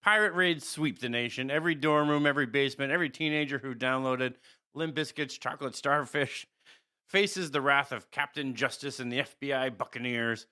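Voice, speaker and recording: Bright-voiced man reading a comic setup. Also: mid-range voice, a little fast, clean tone. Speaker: podcast co-host. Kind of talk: reading a comic scenario script in casual chat.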